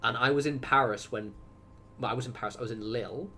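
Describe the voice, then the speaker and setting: A man's voice: medium pitch, fast, pushed and bright, slight background noise. A young man streaming a game, chatting casually to viewers in a rambling way and often cutting himself off mid-sentence. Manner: rambling, self-interrupting, chatty asides to viewers. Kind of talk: casual gaming livestream chat.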